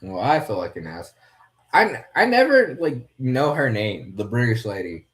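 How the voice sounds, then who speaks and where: A man's voice: mid-range voice, sing-song, normal speed, a bit bright. Rambling young man, swearing freely. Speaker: podcast host watching fights. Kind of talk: rambling casual commentary.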